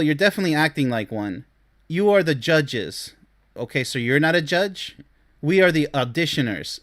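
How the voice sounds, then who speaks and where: A man giving blunt, scornful reaction commentary on dating posts as a relationship commentator, lecturing his listeners. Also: on the high side.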